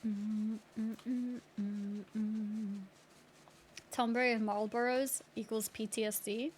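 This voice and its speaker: A woman's voice: fairly high pitch, little pitch movement, slow pace, a little mellow, slight background noise. A woman streamer chatting playfully while she plays and reads game text aloud. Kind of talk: casual gameplay commentary.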